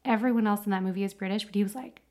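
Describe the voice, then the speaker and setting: A woman's voice: medium pitch, very fast. Chatty woman podcast co-host. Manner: chatty, animated, many fillers. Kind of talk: casual chat.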